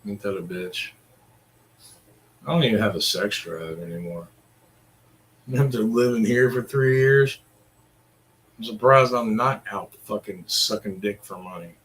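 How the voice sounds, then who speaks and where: A man's voice: fairly low pitch, a little slow, long pauses, fairly bright tone. A middle-aged man, ranting casually in a crude, profane, rambling way. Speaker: vlogger.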